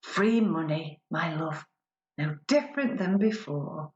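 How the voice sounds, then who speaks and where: A woman's voice: low voice, expressive, takes it slowly, darkish tone, echoey room, lo-fi sound, voice pushed down. A woman performing a spoken word poem as a pampered newlywed woman who imagines being poor, sardonic and mock-cheerful.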